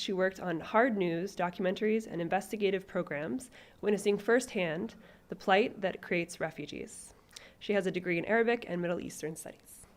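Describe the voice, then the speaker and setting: A woman moderating a panel event reads out the speakers' introductions. She keeps a measured pace, with a few fillers and small restarts along the way. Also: mid-range voice.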